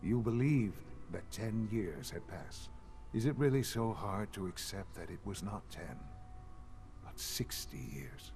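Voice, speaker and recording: An actor playing a calm, composed older man who leads a secret science group, speaking in measured, lecturing tones in video game dialogue. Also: on the low side, a little hiss or hum. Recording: game audio with faint music underneath.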